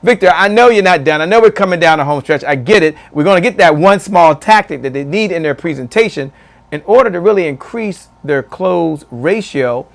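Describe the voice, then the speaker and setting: High-voiced energetic male host. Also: a little fast, vocal fry. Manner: energetic, hype, repeats phrases; calls people "man". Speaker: show host. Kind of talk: live-stream interview and shout-outs.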